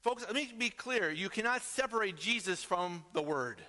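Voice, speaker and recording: Bright-voiced pastor preaching in a reverberant hall. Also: male voice, high voice, animated, moderate pace. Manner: emphatic, peppered with rhetorical "right?". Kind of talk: sermon. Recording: long reverb of a large hall.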